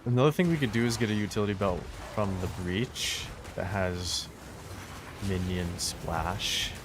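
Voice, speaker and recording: Low-voiced male streamer musing over gameplay. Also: measured pace, noisy background. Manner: laid-back, musing aloud. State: parched, losing his voice. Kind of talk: casual gameplay commentary.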